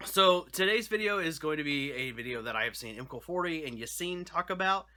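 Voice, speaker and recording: Bright-voiced chatty male channel host. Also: on the high side, animated, fairly quick. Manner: rambling, self-correcting, chatty with frequent "you know"; jokey, laughs at his own jokes. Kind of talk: casual talk to camera.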